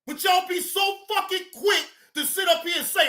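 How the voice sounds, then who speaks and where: A man hosting a live stream, ranting loudly and profanely at his audience, often shouting. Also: very high-pitched, steady tone, normal speed. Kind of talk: heated ranting commentary.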